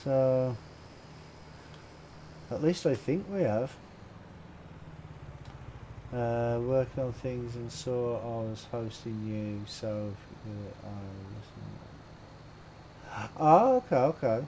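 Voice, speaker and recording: Brummie man, laid-back streamer who chats to viewers as he plays and laughs a lot, mellow tone, mid pitch. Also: slow pace, long pauses, slight background noise, rough recording. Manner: chatty, laughs often, greets viewers while playing. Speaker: game streamer. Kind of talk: casual live-stream commentary.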